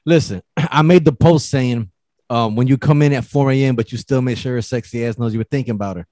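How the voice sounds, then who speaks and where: A man's voice: mid-range voice, fairly quick, no echo. A man in casual chat, telling stories with lots of swearing and acting out what people said. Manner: animated storyteller, profane, acts out quotes.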